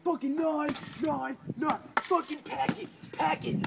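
A man in a mock drill-sergeant rant, shouting profane orders outdoors. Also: very high-pitched, fairly even intonation, unhurried, creaky, hardly any pauses. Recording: loud background noise.

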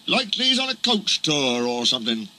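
A man's voice: medium pitch, very animated, fairly quick, noisy background, natural voice. A man voicing an easygoing male railway fireman in a storybook reading, casual and offhand.

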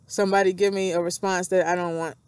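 A woman's voice: fairly low pitch, little pitch movement, fast, a little mellow, smooth, no echo. Woman vlogger, casual rambling monologue that drifts into reading aloud, repetitive and self-reflective.

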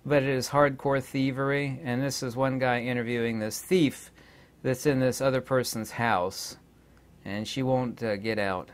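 Guy venting to his channel, lots of ums, middle-pitched, goes on and on. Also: fairly even intonation, normal speed, smooth. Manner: indignant, hesitant, many filler words. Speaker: channel host. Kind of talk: rambling casual monologue.

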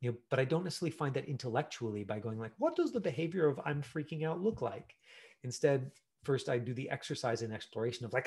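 Acting coach, male, mid-pitch, loose conversational teaching with playful acted asides. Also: fairly quick. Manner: chatty, animated, full of fillers and acted-out examples. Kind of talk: online acting class.

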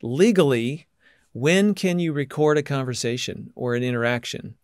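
Interviewing guests, this podcast host lays out his questions at length in a calm, measured manner. His medium-pitched voice has a clean tone, and the close, dry recording has almost no room sound.

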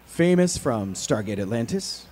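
A woman's voice: very deep voice, sing-song, a little slow, darkish tone. A convention panel host asking questions casually, giggling and stumbling over her words. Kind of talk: casual interview hosting. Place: convention hall.

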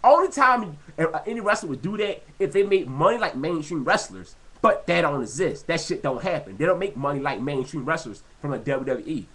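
A man's voice: on the high side, sing-song, fairly quick, few pauses, a bit bright. A man vlogging a heated, rambling rant, filling his talk with "you know" and repeating himself. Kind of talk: casual rant to camera.

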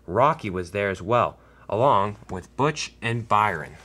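A man's voice: fairly low pitch, expressive, measured pace, a bit bright. A man casually narrating a toy train story, loose and unscripted, with frequent restarts.

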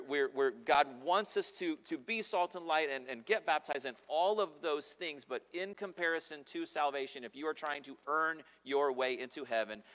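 A man with a mid-range, fairly bright voice preaches a sermon as a pastor, emphatic and conversational and sprinkled with humorous asides. He's in a church sanctuary, and the recording carries the long reverb of a church hall.

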